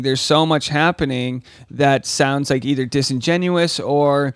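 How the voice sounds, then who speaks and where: A man's voice: on the high side, normal speed, dry recording, studio quality. A man hosting a comedy reaction podcast, cracking jokes and riffing sarcastically between clips with a grating voice. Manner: wisecracking, riffs and asides. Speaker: comedian commentary host.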